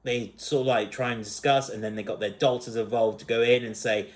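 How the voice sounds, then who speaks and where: A man's voice: mid-range voice, fairly even intonation, fairly quick. Rambling, giggly man reviewing a movie. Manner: rambling, with many fillers and frequent giggling laughs. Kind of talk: casual spoken movie review.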